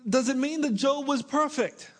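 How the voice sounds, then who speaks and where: Middle-aged male pastor, very high pitch, emphatic sermon delivery with playful asides. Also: normal speed. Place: church with congregation.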